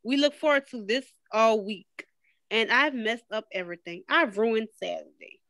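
A woman's voice: fairly high pitch, normal speed, fairly bright tone, dry recording. A woman voicing a worn-out, apologetic mother in a picture-book read-aloud. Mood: upset.

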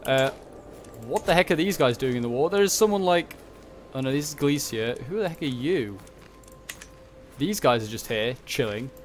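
A man's voice: medium pitch, animated, moderate pace, pauses often, a little hiss or hum. Chatty man commenting on gameplay. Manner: chatty, thinking aloud, muttering reactions. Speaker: game commentator. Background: background music.

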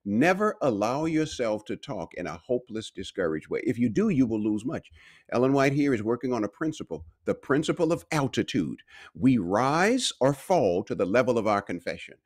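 A man's voice: medium pitch, very animated, moderate pace. A man giving a short devotional sermon, preaching with emphatic repetition and rising, driving phrases. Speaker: pastor and university speaker.

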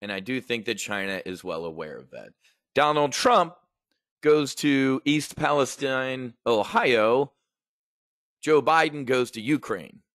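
A man's voice: medium pitch, lively intonation, measured pace, fairly bright tone, no echo, studio quality. A man hosting a trading show, commenting on the news in a blunt, rambling, profane way. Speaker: options trading show host. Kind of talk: casual market and news commentary.

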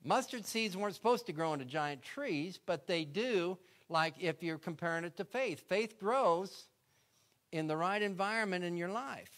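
A man preaching a sermon as a guest, telling Bible stories in a folksy way and swinging between loud and hushed delivery. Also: high-pitched, expressive, moderate pace. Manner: folksy storytelling, acts out voices in retold scenes; swings from loud to soft, drops to a hush.

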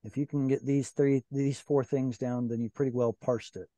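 A man's voice: medium pitch, fairly even intonation, normal speed, mellow, no room sound. A man teaching a Hebrew class over a video call, patiently explaining grammar step by step.

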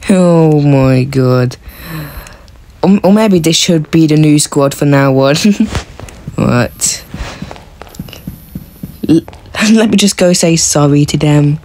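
Excitable woman narrating gameplay, slow-spoken. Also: deep voice. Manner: excitable, yelps and laughs, talks to teammates. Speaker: gaming video creator. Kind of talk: casual gameplay commentary.

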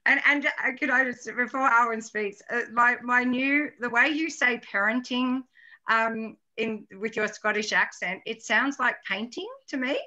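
A woman's voice: a little high, measured pace, sharp tone. A woman hosting a podcast, chatting casually with enthusiasm. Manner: enthusiastic, laughing. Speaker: podcast host. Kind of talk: casual conversation. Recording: dull lo-fi sound.

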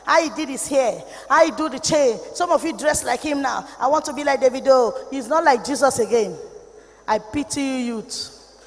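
A Nigerian woman preaches with fierce passion, her voice sitting high as she drops into grave warnings and then rises into shouted rebukes. The sound rings with a long echo, as if she is in a large church hall. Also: moderate pace. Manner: impassioned, swings between low warnings and shouted rebukes. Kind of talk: sermon.

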